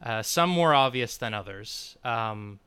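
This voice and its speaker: A man's voice: mid-range voice, expressive, unhurried, bright, forceful tone, clean tone. A man chatting casually as a podcast co-host reviewing a movie, wry and laughing often.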